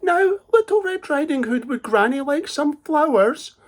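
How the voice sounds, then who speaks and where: Cunning hungry wolf, falsely sweet and lifted in pitch, voiced by a male storyteller. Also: animated, unhurried. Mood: sly sweet.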